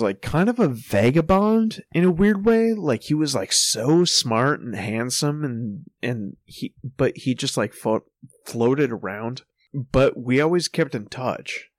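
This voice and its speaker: A young man casually telling a profane anecdote, breaking into loud quoted calls and laughing as he goes. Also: mid-range voice, dry recording. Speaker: storyteller. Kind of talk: casual podcast storytelling.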